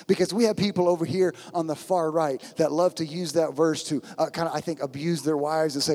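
Preaching man, high voice, husky, echoing hall. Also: fairly even intonation, brisk, hardly any pauses, a little mellow. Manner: emphatic preaching with rhetorical questions and mock quotes. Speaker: pastor. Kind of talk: sermon.

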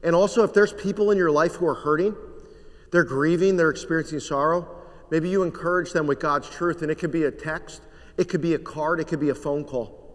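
A pastor preaches an earnest, measured sermon, his voice sitting a little high for a man and dropping to a quiet hush on the weightier lines. Long reverb trails each phrase, like in a large sanctuary.

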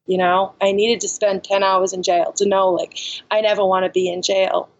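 A woman's voice: medium pitch, flat delivery, moderate pace, lo-fi sound. Frank woman rambling through her story. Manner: rambling, frank, heavy with "like" and "you know". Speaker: podcast guest. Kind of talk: candid personal storytelling.

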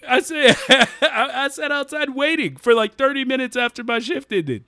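Brief: high, lively-voiced man spinning funny work stories, laughs a lot, says "y'all", dry close mic. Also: moderate pace, smooth, no echo. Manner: animated, laughs often while talking; drops his voice low and calm to quote himself. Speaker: podcast guest storyteller. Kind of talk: casual storytelling.

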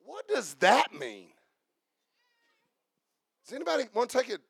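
A man preaching a sermon as pastor, joking with the congregation and building to shouted passages. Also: very high voice, wildly swooping pitch, measured pace, vocal fry, husky, dry recording.

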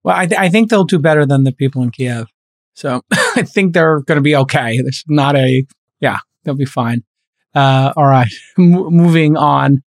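A man's voice: fairly high pitch, moderate pace, dry recording. A man hosting a casual podcast chat, steering the talk with wry asides. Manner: wry, leads the discussion with asides. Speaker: podcast host.

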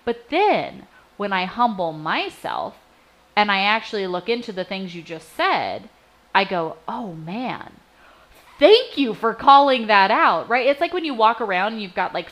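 Woman, forties, casual faith chat, affirming, animated. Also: medium pitch, moderate pace, rough recording. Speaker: co-host. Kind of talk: casual Christian podcast chat.

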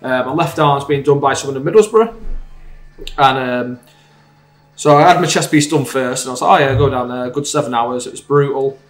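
A man telling an anecdote in a casual podcast chat, in a measured, plainspoken way. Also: medium pitch, soft background music. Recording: echoey room.

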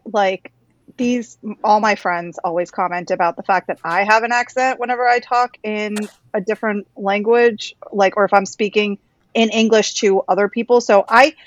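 A woman's voice: mid-range voice, fairly even intonation, normal speed, dry recording, muffled recording. A woman chatting casually and frankly, often restarting her sentences, over a video call. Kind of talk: casual chat.

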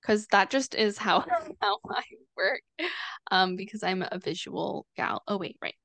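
A woman's voice: mid-range voice, lively intonation, unhurried, a bit bright, no echo. A woman astrologer explaining things casually on a video call, chatty, with lots of fillers and restarts. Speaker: astrologer guest.

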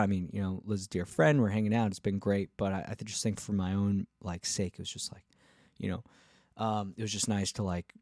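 A touring musician telling a casual story, rambling with frequent restarts and acting out what other people said. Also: male voice, sits low, vocal fry, a little mellow, no echo, clean studio sound. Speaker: touring musician and podcast host.

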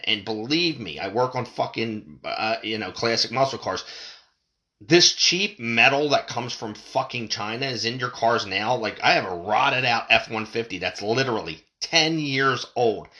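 A man's voice: mid-range voice, sharp tone. A man ranting about politics and prices in a fired-up, swearing monologue as a podcast host. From United States. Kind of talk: profane political rant.

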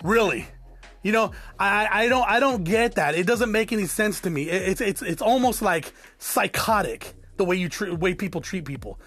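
A man with a very high voice rants through a podcast monologue. He swears constantly and stumbles over repeated words as he gets worked up. Faint music plays under him. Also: expressive, normal speed, a bit bright, no room sound. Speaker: podcast host. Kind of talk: profane ranting monologue.

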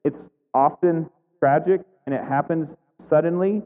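A pastor delivers a conversational sermon in a slightly high, slightly slow voice, peppering it with questions and restarts. The audio sounds tinny, like a phone, and echoes through a reverberant hall.

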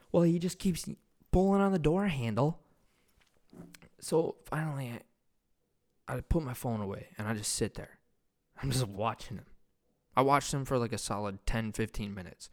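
A man's voice: mid-range voice, moderate pace. A young man hosting a podcast, telling a loose, profane, rambling anecdote in casual chat. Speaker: podcast host.

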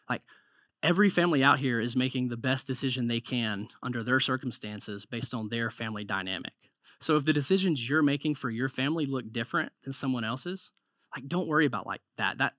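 A man's voice: medium pitch, sharp tone, no room sound, studio quality. A man preaching a conversational sermon, often repeating words and saying "like".

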